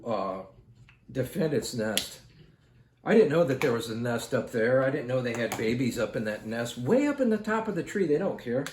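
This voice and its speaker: A man of medium pitch with a darkish tone runs an art channel and tells his viewers a rambling story as he draws. He speaks to them directly in a casual, chatty way from indoors at home, and the recording has a roomy echo and faint noise.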